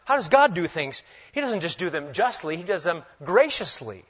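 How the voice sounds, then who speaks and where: A man preaching a sermon, swinging between loud emphasis and hushed, humorous asides. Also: sits high, sing-song, normal speed, husky. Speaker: pastor. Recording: dull lo-fi recording.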